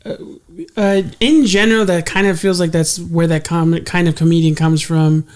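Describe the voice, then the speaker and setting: Podcast co-host, smooth clear voice, lots of likes and uhs, easygoing. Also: mid-range voice, steady tone, normal speed. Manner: hesitant, agreeable, many "like" fillers. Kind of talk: casual chat.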